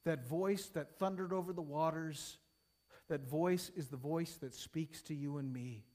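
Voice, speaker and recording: A man preaching a sermon to his congregation, rising to emphatic peaks and falling soft, then leading a prayer. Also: on the high side, unhurried. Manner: emphatic, building and falling in intensity.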